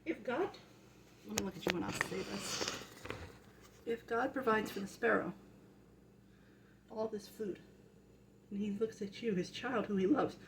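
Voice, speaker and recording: A woman's voice: medium pitch, unhurried, pauses often. Chatty young woman in an echoey room. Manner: chatty, keeps asking "right?", grows fervent and emphatic. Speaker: vlogger sharing a faith testimony. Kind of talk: casual testimony turning to preaching. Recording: echoey room, faint background noise.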